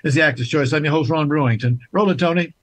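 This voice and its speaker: A man's voice: on the high side, fast talker, low-quality recording. A man hosting a talk show, speaking emphatically and repeating key points for viewers.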